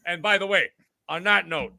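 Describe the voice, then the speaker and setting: Loud crude ranting man. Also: high-pitched, moderate pace, creaky, no echo. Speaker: podcast co-host. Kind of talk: casual podcast banter.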